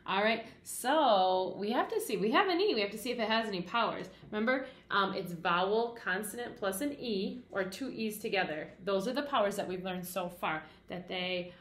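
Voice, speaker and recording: A woman teaching a phonics lesson to kindergarten children in a sing-song teacher voice, asking questions and answering them herself. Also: mid-range voice. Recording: roomy echo.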